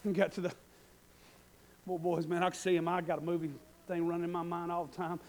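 A man preaching a sermon, swinging between loud shouted passages and quiet folksy asides. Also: high-pitched, little pitch movement, fast.

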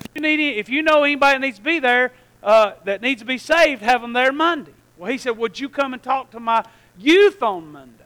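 A man preaching a sermon in a very high, bright voice. He tells his story in an animated way, drops to a near hush and then breaks into shouted prayers. The tone is sharp and forceful. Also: clean tone, rough recording. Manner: animated, swings from hushed to shouting.

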